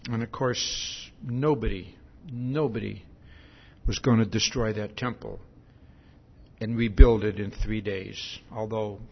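Slow, emphatic preacher man. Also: on the low side, fairly even intonation, vocal fry, breathy edge, lo-fi sound. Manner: slow, emphatic preaching with frequent "see?" asides. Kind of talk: sermon.

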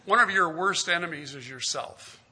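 A man preaching a sermon in a very bright, slightly raised voice. He retells scripture stories, acting out their dialogue, and puts direct questions to his listeners. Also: fairly high pitch, normal speed, husky.

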